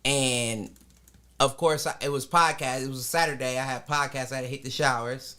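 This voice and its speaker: A man's voice: medium pitch, steady tone, brisk, pushed and bright. A man in his thirties co-hosting a casual podcast, telling a story in loose, profane talk. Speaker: podcast co-host.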